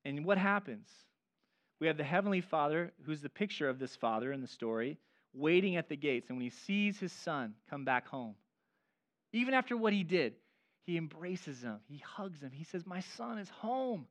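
A man preaching a sermon as pastor, animated and acting out the voices of people he quotes. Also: fairly high pitch, normal speed.

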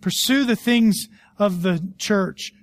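Man, middle-aged, pastor, sermon, high voice, dry close sound, animated storytelling, loud-to-hushed swings. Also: slow pace, no echo.

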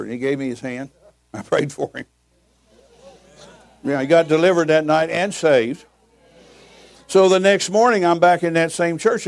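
An older male pastor preaches in a folksy, storytelling way, chuckling between his anecdotes. His voice sits fairly high for a man. The sound is dry and close. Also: vocal fry, darkish tone, dry recording. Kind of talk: sermon with storytelling.

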